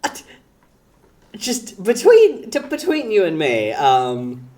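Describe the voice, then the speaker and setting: A man streams live in a high, slightly mellow voice that swings hugely in pitch, taking his time as he talks. He chats casually and playfully teases viewers, addressing chat by name and breaking into giggles often.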